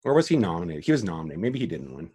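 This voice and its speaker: Podcast host, male, lowish pitch, loose rambling delivery with frequent restarts. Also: big pitch swings, very fast, dark tone, husky. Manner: rambling, many restarts and fillers, swearing, emotional. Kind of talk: casual film discussion.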